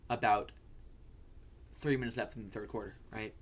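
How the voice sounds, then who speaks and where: A man's voice: lowish voice, fairly even intonation, normal speed. A young man hosting a fantasy football video, telling a story in a rambling way, stammering and repeating words and swearing casually.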